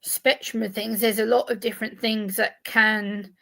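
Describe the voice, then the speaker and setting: A woman's voice: medium pitch, level tone, moderate pace, gravelly, fairly bright tone. A woman streamer talking casually and animatedly on a live stream, swearing freely.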